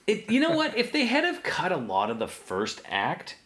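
A man riffing through a movie commentary podcast with crude jokes and a lively, swooping voice. He sounds a little tipsy, mocking the film as it plays. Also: high-pitched, moderate pace. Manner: crude, joking, animated riffing. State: tipsy from drinking. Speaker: podcast co-host. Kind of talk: casual movie commentary chat.

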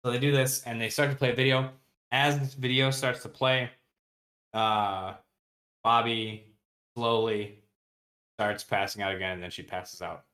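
This podcast co-host has a mid-range, sharp-toned voice that stays steady, and he speaks unhurriedly with frequent pauses. Chatting about a book, he retells scenes in slangy, loose fashion and briefly acts out what the characters say, with plenty of fillers and restarts.

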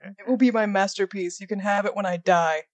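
A woman's voice: medium pitch, fairly even intonation, a little fast, no echo. Sarcastic female podcast co-host. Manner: dry, sarcastic wit. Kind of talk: casual chat.

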